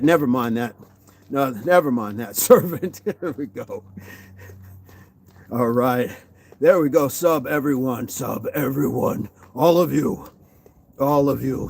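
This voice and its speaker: A man's voice: medium pitch, expressive, slow, vocal fry, pauses often, a little mellow. A man hosting a daily fitness livestream, casually chatting, joking and greeting viewers by name as he reads their comments.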